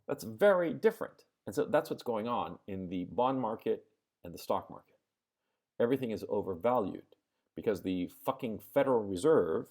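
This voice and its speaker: A man hosting a live stream, ranting about politics and the economy with lots of swearing. He explains with everyday examples, drops into sarcastic mock quotes and checks in with his viewers. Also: medium pitch.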